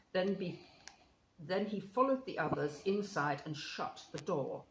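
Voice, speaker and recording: Low-voiced woman reading a storybook aloud. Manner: expressive, measured narration. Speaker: storybook reader. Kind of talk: reading a children's classic aloud. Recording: roomy with faint hiss.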